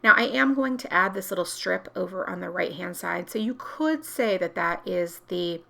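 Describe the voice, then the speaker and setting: A woman's voice: on the low side, expressive, moderate pace, gravelly, pushed and bright. A woman talking casually through a planner crafting tutorial, chatty and explaining each step as she works, correcting herself now and then.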